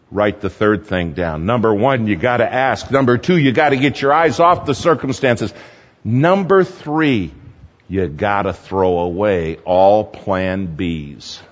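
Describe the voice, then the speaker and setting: Low-voiced man preaching in a hall. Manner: animated storytelling with repeated numbered points. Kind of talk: sermon. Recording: dull lo-fi sound with long hall reverb.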